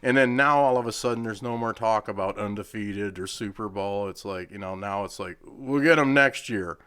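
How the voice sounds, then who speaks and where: Man, low voice, from Michigan, podcast guest, comic storyteller, acts out quotes. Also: steady tone, brisk, fairly bright tone, clear, resonant tone. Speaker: charity CEO guest. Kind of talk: casual comedic storytelling.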